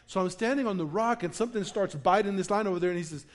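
A pastor preaching to a congregation, telling a funny story with acted-out quotes before turning to the lesson. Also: male voice, high voice, quick pace. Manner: animated storyteller, acts out quotes with laughter. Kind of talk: sermon with a personal story. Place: church in front of a congregation.

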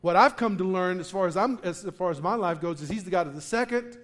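A lively male pastor with a high voice talks fast as he preaches a sermon built around a personal story, in front of a congregation in church. He tells it animatedly, acting out quotes with laughter.

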